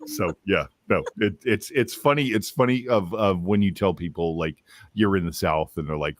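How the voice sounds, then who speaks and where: A man's voice: low-pitched, a little fast, a little hiss or hum. A young man chatting casually and joking, often stammering and repeating his words. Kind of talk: casual chat. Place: lives in the US South.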